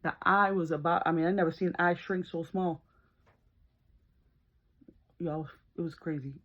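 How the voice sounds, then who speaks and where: At a moderate pace, a beauty vlogger, an adult working as a nurse, tells a chatty story over her makeup routine and laughs as she talks. She gets animated, letting out high-pitched screams while retelling, and the highs are cut off.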